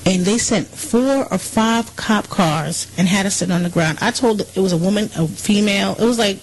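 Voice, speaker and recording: A woman's voice: medium pitch, moderate pace, poor audio. A woman on a radio talk show telling a personal story in an earnest, emotional way.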